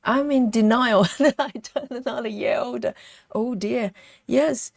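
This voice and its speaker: A woman's voice: a little high, unhurried, vocal fry, dry recording, clean studio sound. A woman hosting a live stitching stream in a casual chatty way. She reads viewers' comments aloud and counts stitches as she works. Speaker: livestream host stitching live.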